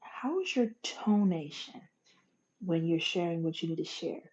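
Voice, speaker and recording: A woman hosting a motivational monologue in a folksy, animated way, swinging from loud bursts to soft whispers. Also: fairly low pitch, measured pace. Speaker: podcast host. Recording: dull lo-fi recording.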